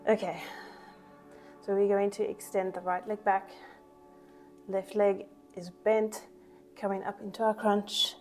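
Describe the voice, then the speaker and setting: A woman's voice: mid-range voice, dark tone. Woman coaching a workout over faint music. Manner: counts reps and cues breathing while exercising along. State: a little out of breath. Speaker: pilates instructor. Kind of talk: workout class instruction.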